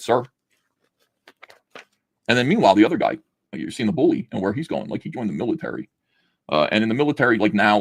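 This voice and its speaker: A man with a lowish voice hosts a comic book review, recorded with no echo. He chats casually, cracks sarcastic jokes, laughs, and acts out the panels while reading them aloud.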